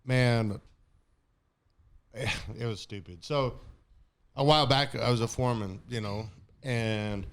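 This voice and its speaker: A man's voice: fairly low pitch, vocal fry. A man guesting on a podcast, telling a personal story in a blunt, casual way and swearing freely.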